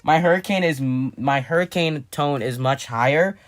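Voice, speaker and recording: A man who vlogs about his hobby speaks at a moderate pace in a fairly high voice, with soft music playing behind him. Working on a build, he explains it casually and ramblingly, often starting over and correcting himself.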